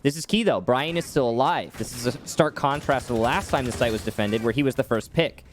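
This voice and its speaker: A man's voice: mid-range voice, slight background noise. Man calling esports play-by-play. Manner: quick, wry play-calling with dry jokes. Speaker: esports caster. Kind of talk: play-by-play commentary.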